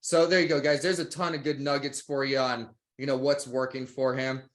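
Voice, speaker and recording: A man's voice: medium pitch, level tone, a little fast. A man hosting a sales webinar, enthusiastic and motivational, talking to viewers as guys. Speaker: webinar host. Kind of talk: webinar interview.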